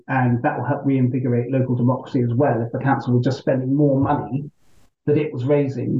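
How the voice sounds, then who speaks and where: A man's voice: mid-range voice, dull audio. Roomy-sounding male politician answering questions. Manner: measured, argumentative, frequent "right?" and "look". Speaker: member of parliament, guest.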